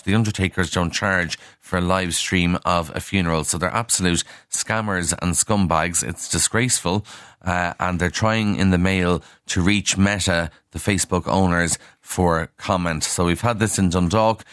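A man's voice: low voice, a bit bright, no room sound, clean studio sound. A man presenting a casual radio newspaper review, talking frankly with fillers and personal asides. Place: radio studio.

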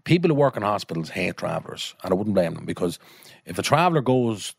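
Lively Irish man telling a story. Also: on the low side, fast, creaky, breathy edge, no room sound, clean studio sound. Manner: animated storyteller, swears, acts out voices. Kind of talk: casual anecdote.

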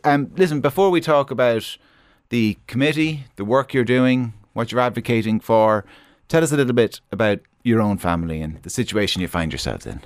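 A man's voice: mid-range voice, no echo. Guy radio host, friendly, lots of ums, dead dry studio. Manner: friendly, halting with fillers. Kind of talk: radio interview.

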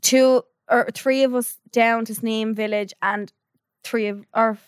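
A young Irish woman tells a story to a friend, acting out what everyone said with lots of energy. Her voice sits a little on the high side, and the sound is dry and close with no room around it. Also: measured pace, smooth, dry recording. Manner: animated storytelling, acting out quotes. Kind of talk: casual chat.

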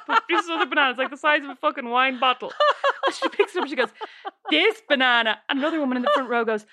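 A woman co-hosting a podcast, telling animated anecdotes and laughing often in casual chat. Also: high-pitched, very fast. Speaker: podcast co-host.

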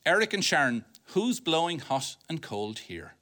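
A man's voice: on the high side, very animated, normal speed. A man hosting a comedy panel show, delivering scripted gags with wry timing. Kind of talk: scripted comic presenting.

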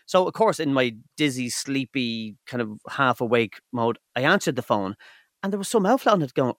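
A man's voice: medium pitch, expressive, moderate pace, dry recording, studio quality. A man in his fifties with an Irish accent, co-hosting a casual podcast chat and telling stories animatedly, swearing freely. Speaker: podcast co-host. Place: studio.

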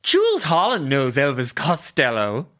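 A man's voice: fairly high pitch, huge pitch swings, measured pace, bright, forceful tone. A man hosting an interview, asking questions in a wry, lightly teasing way. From Ireland. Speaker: interviewer host. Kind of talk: conversational interview.

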